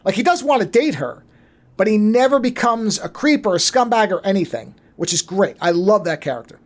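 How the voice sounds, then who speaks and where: A man on a podcast casually retelling a movie plot, animated and swearing freely. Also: high-pitched, brisk. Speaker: podcast co-host.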